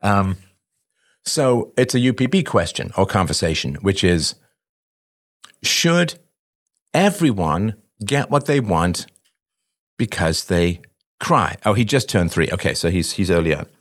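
A man's voice: sits low, sing-song, unhurried, pauses often. A man hosting a live call-in show, giving parenting advice in a conversational way, posing rhetorical questions and often asking "right?". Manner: acts out parent-child dialogue. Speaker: host answering a caller.

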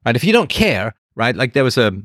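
A man's voice: medium pitch, very animated, a little fast, a bit bright, no echo, studio quality. A man hosting a show, talking casually in a rambling monologue and answering the chat. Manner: rambling, with acted voices and asides.

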